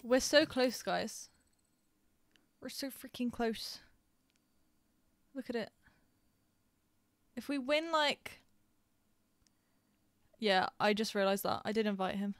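A woman's voice: on the high side, slow pace, long pauses, dry recording. A young woman from England streaming a game, chatting casually and telling stories with frequent giggles and fillers. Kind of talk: casual chat while gaming.

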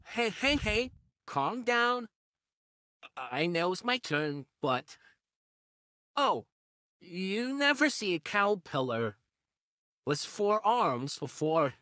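A man voicing a creepy four-armed caterpillar vampire in a listener role-play audio, coaxing and hushing the listener. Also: high-pitched, sing-song, takes it slowly, long pauses, dry recording, clean studio sound, heavily acted. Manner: coaxing, hushing, shushing softly.

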